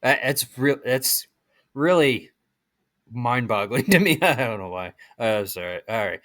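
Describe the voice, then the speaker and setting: Man, let's play commentator, rambling and chatty, animated pitch, game music behind. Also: a little slow. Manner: chatty and rambling, restarts often. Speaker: video game streamer.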